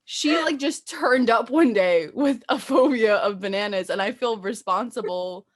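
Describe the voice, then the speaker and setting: A young adult woman hosting a casual podcast chat, animated and quick to laugh, acting out quotes as she tells stories. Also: fairly high pitch. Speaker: podcast host.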